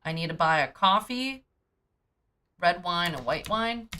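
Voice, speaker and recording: In a fairly low, bright, forceful voice, a woman speaks in an animated but unhurried way, with a little hiss or hum audible. She's casually streaming a cozy farming game from her home setup, being goofy, talking to herself, and humming and scatting while sorting her items.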